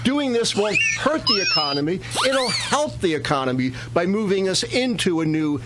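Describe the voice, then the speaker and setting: A man's voice: high-pitched, very animated, normal speed, heavy background noise. A man, an author, speaking emphatically in an interview clip, in a lecturing way.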